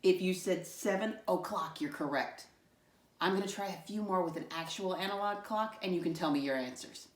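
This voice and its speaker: Her lowish voice moves at normal speed as she teaches young children, coaxing them with patient, sing-song questions. The microphone is far away and the room echoes.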